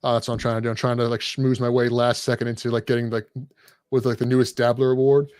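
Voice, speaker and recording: A man's voice: mid-range voice, flat delivery, fast talker, a little mellow, clean tone, dry recording. A man chatting as a podcast guest in a loose, rambling way, poking fun at himself and others. His voice sits in a middle register and is recorded close and dry, with no room sound. He talks in an irreverent, offhand manner. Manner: irreverent, rambling, self-deprecating. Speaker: guest content creator. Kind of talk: casual podcast chat.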